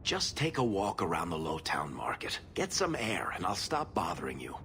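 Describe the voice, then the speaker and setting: An actor playing a wry, teasing dwarf rogue in a game, with dry banter. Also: male voice, low voice, wildly swooping pitch, normal speed, vocal fry, bright, forceful tone, slight background noise, full character voice.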